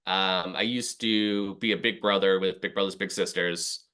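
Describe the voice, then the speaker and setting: A man's voice: sits low, steady tone, normal speed, pushed and bright, clear, resonant tone. A middle-aged man from Boston, a podcast guest, telling a long self-deprecating story in casual talk. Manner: rambling, self-deprecating, acts out his past thoughts.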